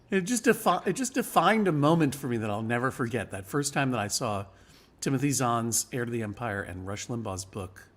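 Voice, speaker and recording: Male guest, mid-pitched, wry and rambling anecdotal delivery. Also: animated, normal speed. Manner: wry, rambling storyteller with frequent laughs. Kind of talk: casual live chat.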